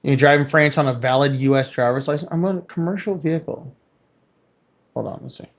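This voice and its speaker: Here a man speaks at a medium pitch with a steady tone, moving a little fast. He runs a casual live call-in stream about politics, treating callers with blunt dismissiveness and thinking aloud whenever a call ends.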